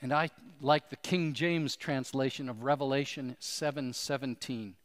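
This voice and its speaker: A man's voice: mid-range voice, steady tone, moderate pace, big-room sound. A man preaching a sermon as pastor, earnest and pleading, asking his listeners questions.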